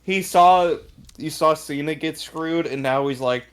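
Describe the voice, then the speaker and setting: A man's voice: on the high side, unhurried, a little hiss or hum. A man co-hosting a casual wrestling podcast, giving blunt, crude takes. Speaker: podcast co-host. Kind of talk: casual wrestling recap chat.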